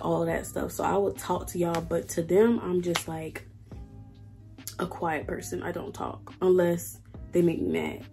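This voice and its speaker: A woman's voice: on the low side, warm tone, slightly rough. A young woman, ranting bluntly in a casual vlog and swearing freely. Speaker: vlogger. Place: indoors at work.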